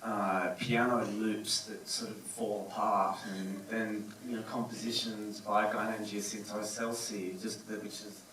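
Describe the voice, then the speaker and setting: A film director answering audience questions, halting, with many fillers and restarts. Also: male voice, on the low side, little pitch movement, a bit bright, distant mic, a little hiss or hum. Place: cinema auditorium. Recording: echoey cinema, voice from afar.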